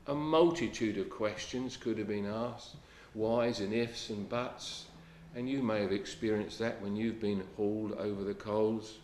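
A man preaching a sermon in an earnest, unhurried way, often dropping to a soft hush. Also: fairly low pitch, a little hiss or hum. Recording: echoey room.

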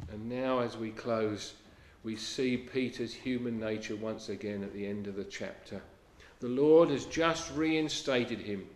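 Slow, earnest male preacher in an echoey room. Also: medium pitch. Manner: earnest preaching, quotes scripture in old English, drops to a hush on key lines. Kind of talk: sermon.

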